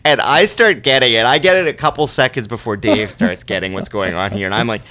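Man, bright tone, casual storytelling, rambling, lots of fillers, chuckling. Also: mid-range voice, fairly quick. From Winnipeg. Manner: rambling, laughing, many "like" fillers. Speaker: storyteller on a podcast. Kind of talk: casual anecdote among friends.

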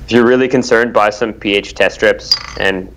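A man's voice: on the low side, fairly even intonation, normal speed, a bit bright. A man co-hosting a podcast in casual chat, rambling with many fillers. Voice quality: rambling filler-heavy delivery. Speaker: podcast co-host.

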